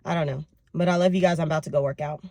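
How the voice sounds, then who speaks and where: A young woman vlogging casually to camera, telling her week in an expressive, venting way. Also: low-pitched, rapid-fire, no room sound. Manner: expressive, venting, lively storytelling. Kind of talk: casual vlog talk to camera.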